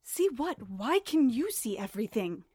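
An actress playing a scared, sharp-tongued young woman lost in a dark forest, jittery and sarcastic, swearing when she panics, in an audio drama. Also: on the high side, big pitch swings, normal speed, husky. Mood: nervous. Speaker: voice actor.

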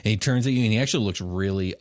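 A man's voice: fairly low pitch, racing, no echo. A man narrating as game master in a loose, chatty way, full of fillers.

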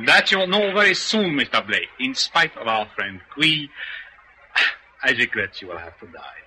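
A cold, menacing villain doctor. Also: male voice, mid-range voice, big pitch swings, pushed and bright, slight background noise, poor audio. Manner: formal, measured, menacing. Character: cold scheming male criminal mastermind doctor. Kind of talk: vintage radio drama acting.

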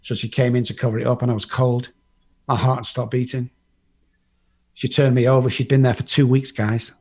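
A man's voice: mid-range voice, little pitch movement, fairly quick, a little mellow, breathy edge. An English man telling his life story in a blunt, casual way, swearing freely and acting out what other people said. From England.

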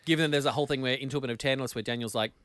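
A man's voice: mid-range voice, steady tone, rapid-fire, a bit bright, no echo, clean studio sound. A man co-hosting a podcast, chatting casually with restarts and frequent laughs. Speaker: podcast co-host. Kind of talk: casual chat.

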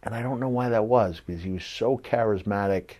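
Man, middle-aged, podcast co-host, casual storytelling, laughs often, low-ish voice. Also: brisk. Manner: laughs often while telling stories, animated. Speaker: podcast co-host, former wrestler.

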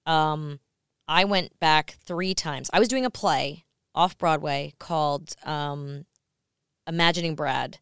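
A woman in her fifties with a New York accent, telling stories quickly as a podcast co-host in casual chat. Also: low voice, fairly bright tone, clean tone, dry recording, studio quality. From United States. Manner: fast-talking storyteller.

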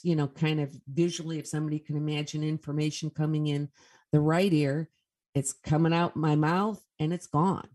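A woman's voice: deep voice, warm tone. A woman speaking as a guest medium in a casual interview, telling stories in an earnest way.

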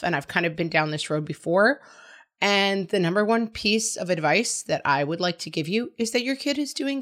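A middle-aged woman with a fairly low voice talks through a listener's parenting question on her advice show. She sounds casual and reassuring, and she slips into quick asides that act out a worried parent. Her tone stays conversational throughout. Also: a bit bright. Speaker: advice podcast host.

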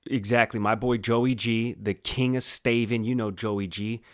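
A man's voice: medium pitch, fairly even intonation, moderate pace. A man co-hosting a sports talk show, joking in laid-back banter. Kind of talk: casual sports chat.

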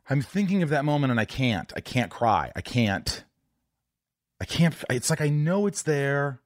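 A man with a medium-pitched, sing-song voice hosts a candid podcast interview at normal speed. He talks frankly and confessionally, with casual swearing and stumbling restarts. The audio is clean studio sound without room sound.

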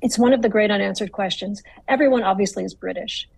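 Woman writer being interviewed, husky with some fry, talks it through carefully, lots of restarts. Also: medium pitch, darkish tone, no room sound, low-quality recording. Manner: articulate, measured, with frequent restarts. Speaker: author, interview guest. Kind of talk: thoughtful interview answers.

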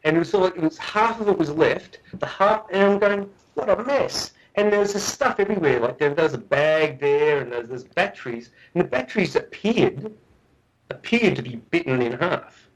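A man's voice: fairly high pitch, lively intonation, fairly quick, highs cut off. A middle-aged man, a guest researcher, telling a story in a podcast interview, earnest and often restarting and repeating his words. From Australia.

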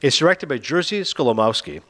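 Man, podcast host, casual film talk, quick delivery, lively sarcastic tone. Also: fairly high pitch, creaky. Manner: animated, sarcastic retelling of plots. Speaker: podcast host reviewing films. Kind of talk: casual chat.

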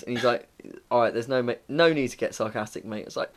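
A man's voice: mid-range voice, fast. Swearing young man telling a story. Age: young adult. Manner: animated storytelling, swearing, acting out customers in changed voices. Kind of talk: casual chat.

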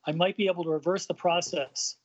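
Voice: mid-range voice, fairly even intonation, brisk, muffled recording, close to an everyday voice. A podcaster reading comic lines as a frail, crotchety old male genius who grumbles. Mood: measured. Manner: grumbling and complaining.

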